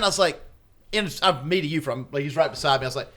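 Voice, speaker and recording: Brief: podcast regular, man, slightly high voice, salty storyteller who mimics the people in his stories. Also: very fast, pushed and bright. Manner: profane storyteller who acts out quotes. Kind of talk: casual chat.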